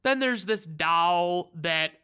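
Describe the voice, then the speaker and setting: A man's voice: high-pitched, expressive, slow, sharp tone, clean tone. A man giving a comedic, sarcastic movie recap, rambling and swearing freely. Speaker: reviewer.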